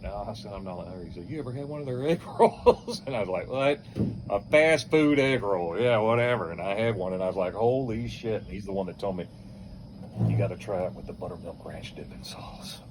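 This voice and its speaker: An older man with a lowish voice tells a rowdy story in a loose, casual way. He swears freely, laughs along with his own tale and throws himself into other people's voices. Faint crickets chirp behind him outdoors. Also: a little mellow, a little hiss or hum. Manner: swears freely, chuckles while telling. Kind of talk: casual anecdote.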